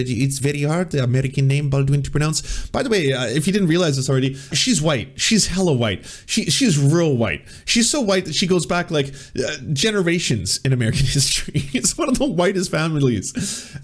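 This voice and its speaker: A man hosting a political comedy show, mocking a news story with sarcasm, frequent laughter and stammered restarts. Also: on the high side. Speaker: political comedy podcast host.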